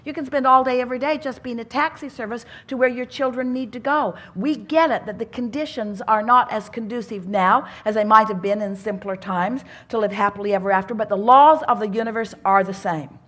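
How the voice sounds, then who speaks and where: A woman's voice: fairly high pitch, fairly quick, hardly any pauses, fairly bright tone. Woman giving an earnest seminar talk. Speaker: speaker at a self-help seminar.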